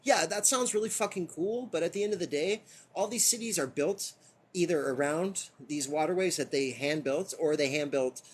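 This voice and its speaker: A man's voice: fairly high pitch, moderate pace, husky. A man giving a casual live book reading. He rambles off topic, swears often and breaks into laughter. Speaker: streamer reading a book aloud.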